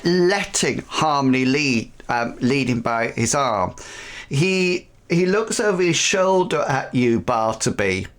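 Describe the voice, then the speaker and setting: Man as game master, slow and halting delivery. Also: on the high side, fairly bright tone. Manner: halting, lots of fillers. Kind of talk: narrating a tabletop game.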